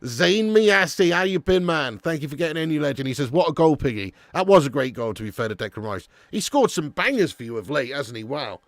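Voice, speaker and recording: A man's voice: a little high, very animated, fairly quick, few pauses, a bit bright, dry recording, studio quality. A young man hosting a live football watch-along stream, chatting casually with viewers and swearing now and then. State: a little sleepy.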